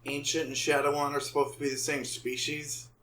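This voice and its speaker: A man's voice: a little high, little pitch movement, brisk, fairly bright tone, slight background noise. A man chatting on a podcast, ranting in an exasperated way and swearing freely. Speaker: podcast co-host. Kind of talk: casual podcast chat.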